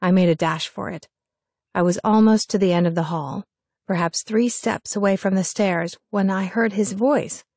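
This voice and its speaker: A woman's voice: mid-range voice, moderate pace, darkish tone, no echo. Wry young woman narrating a story. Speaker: audiobook narrator. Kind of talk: first-person scripted narration.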